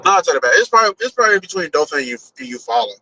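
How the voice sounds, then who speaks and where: A man's voice: high-pitched, very animated, very fast, bright, forceful tone, a little hiss or hum, low-quality recording. A man chatting loosely on a live stream while driving, rambling and swearing casually as he thinks aloud. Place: in a car on a highway.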